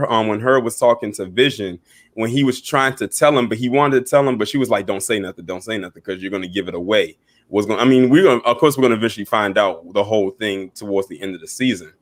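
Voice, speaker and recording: A man's voice: medium pitch, a bit bright. Man co-host, casual pop culture chat, easygoing and rambling delivery. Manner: easygoing, rambling, frequent "like" and "you know".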